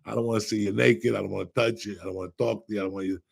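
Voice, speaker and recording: A man's voice: on the low side, fairly even intonation, very fast, gravelly, slightly rough. A man in his sixties, a podcast co-host, telling rambling, profane stories in casual chat. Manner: profane, rambling storyteller with bursts of laughter.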